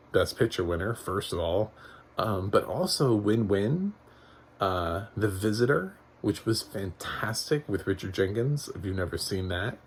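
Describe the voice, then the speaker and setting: Low gravelly-voiced man reviewing a film. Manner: rambling, chuckling, lots of fillers and restarts. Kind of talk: casual spoken movie review.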